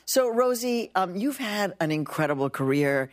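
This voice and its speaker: A woman's voice: mid-range voice, very animated, normal speed. A woman hosting a live podcast interview, chatting and laughing easily. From Mexican heritage, lives in New York. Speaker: host.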